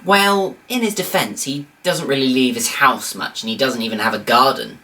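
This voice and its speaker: A woman's voice: extremely low pitch, normal speed, hardly any pauses, pushed and bright. A woman giving comedic review commentary with sarcastic, incredulous asides.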